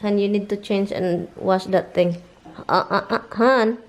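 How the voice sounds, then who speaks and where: A woman's voice: medium pitch, steady tone, a little slow. A woman with a Filipino accent talks casually with her husband and coos at her pets in a home vlog. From Philippines. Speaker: vlogger.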